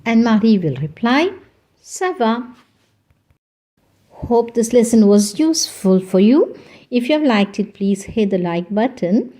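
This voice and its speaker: A woman from India with an Indian English accent, a native Hindi speaker, teaching a beginner language lesson slowly and patiently, repeating phrases for learners. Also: a little high, animated, warm tone. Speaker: French teacher.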